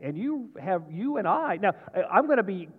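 Folksy preacher with a high voice. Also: male voice, normal speed, slightly rough. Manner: folksy, animated, sometimes yelling. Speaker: pastor. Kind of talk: sermon. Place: church sanctuary. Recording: dull sound with long church reverb.

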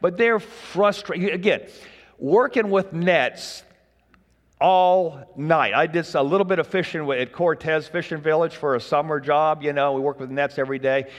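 A man delivering a casual, joking sermon to his congregation, his voice sitting a little high for a man. It rings with the long reverb of a church hall. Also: moderate pace, dull audio. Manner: folksy, conversational, jokes with the congregation. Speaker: pastor.

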